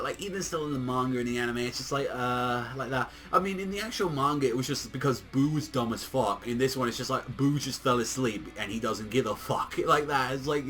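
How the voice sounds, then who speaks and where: An excitable young man rambles through an anime review in loose, slangy speech. He swears freely and fills his sentences with "like". His pitch sits in an ordinary middle range for a man. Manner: excitable, slangy, swears often, heavy use of "like". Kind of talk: casual video review.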